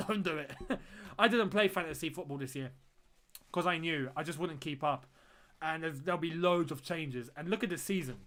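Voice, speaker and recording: A young man with a notably high voice hosts a live-stream watchalong. He chats easily with his viewers, thanks them and reads out their comments, often saying a phrase twice for emphasis. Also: a little fast, fairly bright tone. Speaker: fan channel host.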